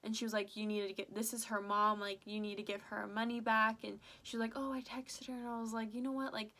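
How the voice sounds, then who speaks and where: A woman's voice: a little high, quick pace. A young woman vlogger chatting through a story, full of "like" fillers and quoted back-and-forth. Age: young adult. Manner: chatty, animated retelling with many "like" fillers. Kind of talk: casual storytime vlog.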